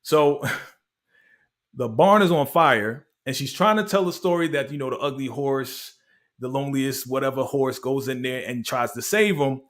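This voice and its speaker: A man's voice: mid-range voice, normal speed. A man hosting a casual show recap, telling it like a story in slangy talk and laughing often. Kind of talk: casual review chat.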